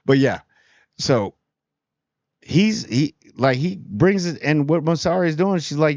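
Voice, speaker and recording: A man's voice: fairly high pitch, normal speed, pauses often, a little mellow, no room sound, highs cut off. A man casually reviewing a TV episode in a rambling, slangy way, paraphrasing characters as he goes. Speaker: show host reviewing TV.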